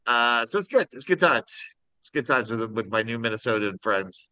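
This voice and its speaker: A man's voice: medium pitch, expressive, normal speed, bright, forceful tone, clean tone, no room sound, low-quality recording. A man in his forties from Kansas, co-hosting a casual chat podcast over a video call, wry and rambling. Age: 40s. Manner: wry, rambling, does silly voices in his stories. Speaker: podcast co-host.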